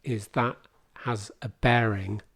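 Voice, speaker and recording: A man's voice: lowish voice, fairly even intonation, slow, vocal fry, a bit bright, slightly rough. A middle-aged man hosting a podcast, telling a personal story in a rambling, self-deprecating way. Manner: rambling, self-deprecating, acts out quoted dialogue. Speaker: podcast host. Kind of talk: candid conversational storytelling.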